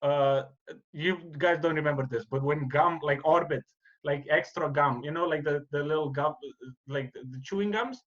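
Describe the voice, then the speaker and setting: Animated rambling man, muffled audio. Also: a little high, moderate pace. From Romania. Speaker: podcast co-host. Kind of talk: casual movie chat.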